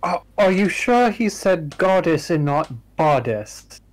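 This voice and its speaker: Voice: mid-range voice, very animated, slow, a little hiss or hum. A player in a tabletop game who jokes and makes puns. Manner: jokey, punning. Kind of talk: casual tabletop play.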